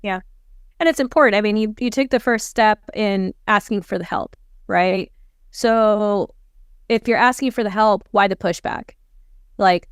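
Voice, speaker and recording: Woman guest on a business podcast, earnest, keeps saying right?, super clear voice, dry mic. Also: medium pitch, measured pace, dry recording. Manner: earnest, stresses points and checks in with a "right?". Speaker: guest, gym manager. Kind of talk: casual business interview.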